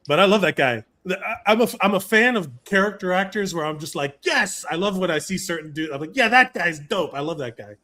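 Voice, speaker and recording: A man's voice: sits high, expressive, fast talker, few pauses, bright, forceful tone. A man hosting a podcast in casual chat, enthusiastic and rambling. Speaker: podcast host.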